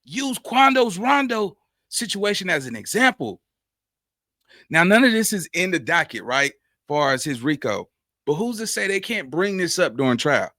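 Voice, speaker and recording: A man's voice: very animated, normal speed, pushed and bright, no echo, clean studio sound. A man hosting a casual reaction commentary, talking in loose street slang with constant "you know what I'm saying" and a preachy, rambling delivery. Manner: preachy, drifting from high to low pitch. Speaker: commentary host.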